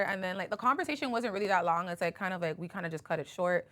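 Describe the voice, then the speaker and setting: A woman's voice: medium pitch, racing, hardly any pauses, fairly bright tone. A woman talks through a personal story on her podcast in a loose, chatty way. She acts out both sides of a phone conversation and fills her speech with "like" and "you know.". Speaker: podcast host. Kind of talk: casual storytelling chat.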